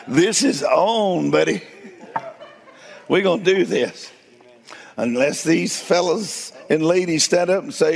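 Male preacher, high lively voice, gravelly, folksy and unhurried. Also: long reverb tail. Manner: folksy, laughing, swings between loud and hushed. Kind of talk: storytelling sermon.

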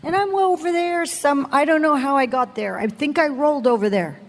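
A woman preacher giving an animated testimony sermon, telling her story with bursts of laughter and screaming. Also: high voice, moderate pace, big-room sound.

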